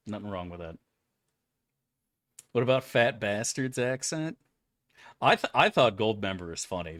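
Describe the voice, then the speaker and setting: A man with a fairly low voice, talking loosely with his viewers as he streams a game. He is from Florida and rambles from one topic to the next in an offhand, profane way. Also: fairly bright tone, no room sound. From Florida, USA. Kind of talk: casual chat while gaming.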